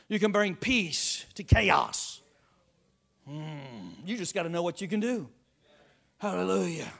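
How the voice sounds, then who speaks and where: A man's voice: sits high, vocal fry. A man preaching a sermon to his congregation, calling out to them and breaking into playful asides. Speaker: pastor.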